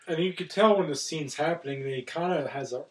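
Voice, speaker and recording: A man's voice: a little high, quick pace, distant mic, rough recording. A man recapping a film's plot in a casual chat, with some fillers.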